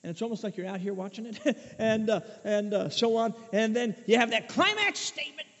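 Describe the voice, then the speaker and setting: A man preaching a sermon, swinging between hushed asides and loud shouted peaks. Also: sits high, animated, a little fast. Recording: muffled echoey hall recording.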